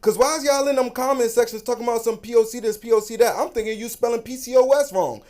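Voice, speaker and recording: A man's voice: very high-pitched, quick pace, a little mellow, echoey room. A man with an African American English accent in a blunt, emphatic direct-to-camera rant that keeps circling back to his points. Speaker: social media commentator.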